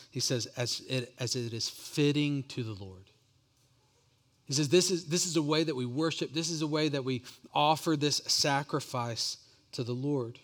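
A man preaching a sermon as pastor, earnest and often repeating words as he builds each point. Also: medium pitch.

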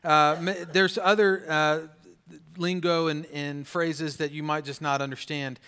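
A man's voice: fairly high pitch, little pitch movement, a little slow, pushed and bright, clean tone. A man preaching a sermon as pastor, in a conversational way with many fillers and tag questions.

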